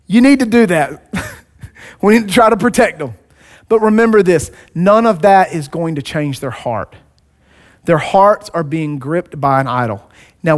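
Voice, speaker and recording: A man preaching a sermon as pastor, conversational and joking, with asides to the congregation. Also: high voice.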